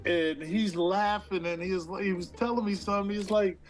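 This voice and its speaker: High-voiced man telling a story. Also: moderate pace, few pauses. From Connecticut, United States. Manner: laughing, animated. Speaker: former basketball player. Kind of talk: storytelling anecdote.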